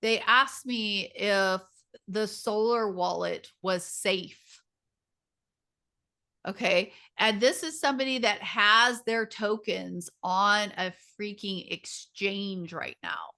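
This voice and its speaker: A woman's voice: mid-range voice, takes it slowly, sharp tone. A woman leading a community group on a video call, talking casually and animatedly, often mimicking other people's voices.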